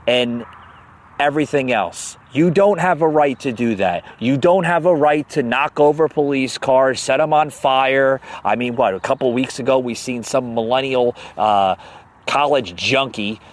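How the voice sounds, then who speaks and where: A podcast host with a mid-range voice rants heatedly about politics, though his delivery is unhurried. He stammers and repeats himself as he gets worked up, throwing in bursts of mocking sarcasm.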